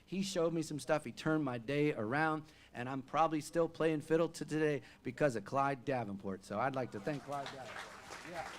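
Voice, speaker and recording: A man with a fairly high voice spinning a chatty, animated story between songs at a live venue. He stumbles into restarts and fillers as he goes, acting out the scene with his hands and voice. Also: normal speed, slight background noise. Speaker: folk singer-songwriter.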